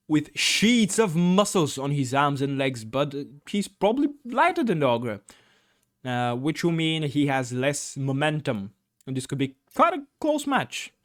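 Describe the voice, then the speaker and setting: A man playing through a gamebook, reading it aloud with rambling commentary, many fillers and blurted swearing. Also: on the high side. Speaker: gamebook let's-player.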